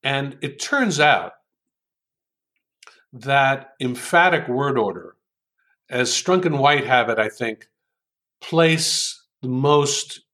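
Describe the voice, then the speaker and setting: Brief: man from New York, guest in an interview, unhurried speaker who muses aloud with frequent fillers, mid-pitched voice. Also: a bit bright. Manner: unhurried storytelling with many ums. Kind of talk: interview conversation.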